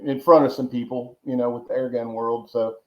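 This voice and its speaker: A man's voice: mid-range voice, flat delivery, brisk. Rambling man on a roomy call. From Georgia, US. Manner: rambling, repeats words, folksy asides. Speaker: podcast guest. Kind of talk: casual storytelling interview. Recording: roomy, dull lo-fi sound.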